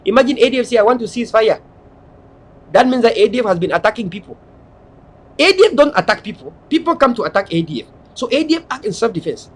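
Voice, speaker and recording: A man's voice: very high voice, very animated, quick pace. A man from Southern Cameroons with a Cameroonian English accent, delivering an impassioned, lecturing monologue with heavy repetition. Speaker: political activist speaker.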